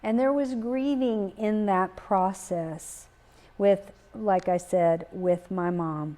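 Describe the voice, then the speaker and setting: A middle-aged woman, giving a gentle, reflective talk on grief, pausing often and repeating key phrases. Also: medium pitch. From Texas. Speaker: speaker on grief. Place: live talk in a community setting.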